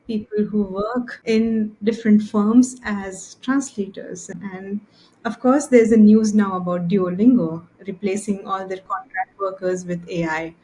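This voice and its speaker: A woman's voice: mid-range voice, fairly even intonation, a little slow, warm tone, rough recording. A woman with an Indian English accent, chatting thoughtfully on a podcast about learning languages. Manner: thoughtful, self-described nerd. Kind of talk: casual podcast chat.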